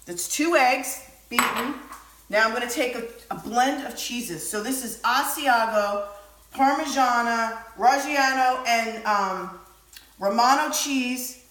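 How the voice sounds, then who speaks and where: A woman giving a casual, chatty cooking demonstration in her home kitchen, excitable and full of fillers. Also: a little high, slow, echoey room, slight background noise, low-quality recording. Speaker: home cook.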